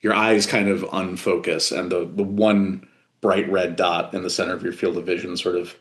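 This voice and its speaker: A man narrating as game master of a tabletop horror game, halting with many fillers and restarts. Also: low-pitched, level tone, reverberant.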